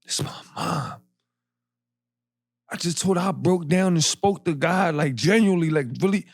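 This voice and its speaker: A man, a podcast guest telling his story in animated street slang. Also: a little high, moderate pace, no room sound, clean studio sound. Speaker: podcast guest, clothing brand founder. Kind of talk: casual interview storytelling.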